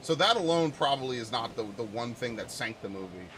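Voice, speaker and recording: A man's voice: mid-range voice, expressive, brisk, a bit bright, slight background noise. A young man rambling casually over gameplay, chatty and swearing offhand. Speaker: gaming channel host.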